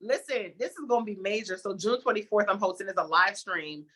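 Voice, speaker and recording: A young adult woman, a TV host, chatting as an interview guest and telling a story with lively acted-out reactions. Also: mid-range voice, fairly quick, slightly rough. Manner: animated storytelling, acts out her own reactions. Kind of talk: casual interview chat.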